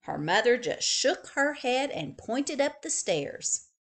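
Slow, expressive woman reading a picture book. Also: a little high. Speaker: librarian.

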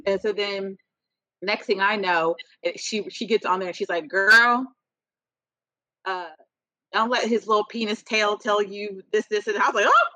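A woman co-hosting a podcast, telling a story in blunt, animated casual chat and laughing often. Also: mid-range voice, moderate pace, dry recording, rough recording. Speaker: podcast co-host.

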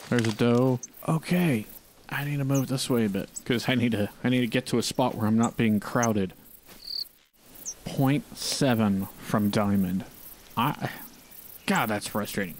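A man's voice: medium pitch, a little hiss or hum. A man giving casual gameplay commentary, talking and pleading with the animals on screen. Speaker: gaming channel host.

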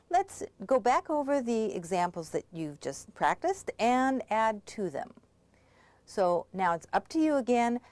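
Woman instructor, mid-pitched, patient and clear, dry recording. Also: big pitch swings, normal speed, darkish tone, dry recording. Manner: patient, clear explaining with frequent check-ins. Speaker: language instructor. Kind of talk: scripted pronunciation lesson.

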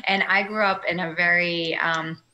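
A woman's voice: lowish voice, steady tone, moderate pace, sharp tone, dull audio. A talkative, giggly woman from Massachusetts, a guest on a podcast call. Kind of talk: casual chat. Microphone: remote call.

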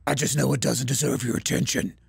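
A man reading the lines of a cryptic talking bird in a lower, grave, admonishing voice while playing a game. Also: steady tone, fast, gravelly, breathy edge, no echo, exaggerated voice. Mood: stern warning.

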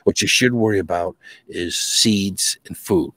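A man's voice: deep voice, a little slow, a bit bright, dry recording. A man talking as a guest in a casual, rambling chat, emphatic and full of restarts. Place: home near the Charles River.

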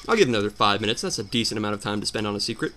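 A man doing casual gameplay commentary, telling a story as an animated, exasperated rant. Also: lowish voice, racing. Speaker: let's player.

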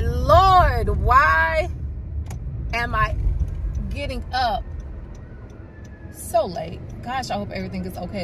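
A young woman chatting to her viewers in a casual vlog, animated and laughing often, recorded on a phone. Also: medium pitch, noisy background. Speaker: beauty vlogger. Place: in a car, then outdoors at night in the cold.

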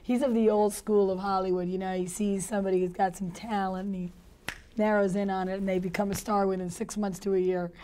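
A woman actress in a casual interview, telling stories in a chatty, animated way and laughing often. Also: medium pitch, fairly quick, a little hiss or hum.

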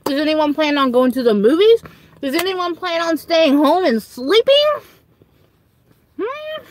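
Southern woman, young, high lively voice, giggly livestream host. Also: unhurried, slight background noise. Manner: loud giggly, swings into high squealing quotes. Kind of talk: casual livestream chat.

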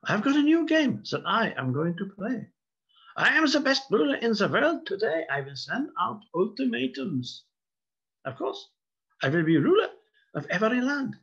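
A grandiose German emperor in a put-on German accent, as a man reads him aloud, pitched well above his own speech and loud with self-importance. His voice is gravelly and husky, caught on a dull, lo-fi recording. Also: big pitch swings, moderate pace, exaggerated voice. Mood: boastful. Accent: fake German. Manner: pompous, declaiming.

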